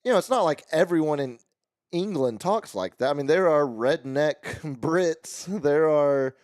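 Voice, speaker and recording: A man co-hosting a podcast in casual chat, chiming in with agreeable quick reactions. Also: fairly high pitch, animated, darkish tone, no room sound, clean studio sound. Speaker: podcast co-host.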